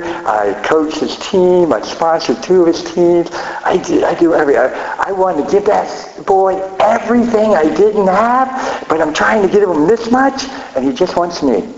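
A man's voice: a little high, a little mellow, a little hiss or hum. A middle-aged man giving a blunt, profane, self-mocking personal recovery share at a meeting. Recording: echoey hall, dull lo-fi sound.

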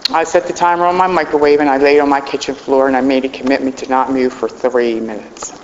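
A woman's voice: very deep voice, steady tone, fast, a little hiss or hum. A middle-aged woman telling her own recovery story in a heartfelt, rambling way. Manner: heartfelt, rambling, choked up at times. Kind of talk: personal testimony talk. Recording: roomy hall, dull lo-fi sound.

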